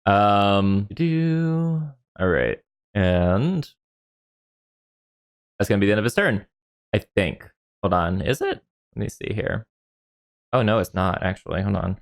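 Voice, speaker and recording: A man running a tabletop game as dungeon master, relaxed and often laughing. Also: on the low side, slow pace, long pauses.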